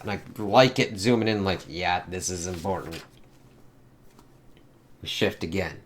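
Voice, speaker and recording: A man's voice: sits low, expressive, unhurried, slight background noise. A man casually reviewing a comic book, rambling and swearing, often restarting words. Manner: rambling, profane, with frequent restarts.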